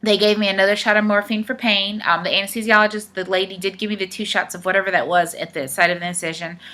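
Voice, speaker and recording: Bright-voiced woman telling a story. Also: medium pitch, flat delivery, fast talker. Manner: chatty, retells dialogue with many "I said", "he's like". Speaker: vlogger. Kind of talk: casual storytelling to camera.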